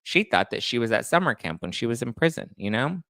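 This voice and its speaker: A man hosts a casual celebrity gossip chat, campy and quick with playful shade. His mid-pitched voice carries a steady gravelly fry. The sound is close and dry with no room echo. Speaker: podcast host.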